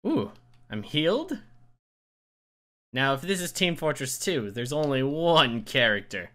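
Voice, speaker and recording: A man's voice: mid-range voice, sing-song, a little slow, fairly bright tone. A man hosting a casual let's-play, chatting and reacting as he plays. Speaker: gaming channel host.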